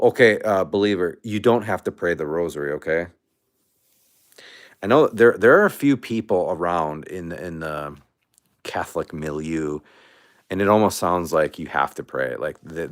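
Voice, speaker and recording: A man's voice: low voice, normal speed. A man hosting a casual livestream, out of breath and rambling with many restarts. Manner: rambling, animated, restarts often. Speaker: livestream host.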